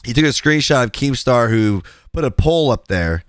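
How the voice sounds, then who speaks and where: In a studio-quality recording with no echo, a man hosting a podcast offers casual commentary on online drama. He sounds animated at a medium pitch and moderate pace, rambling with plenty of fillers and restarts.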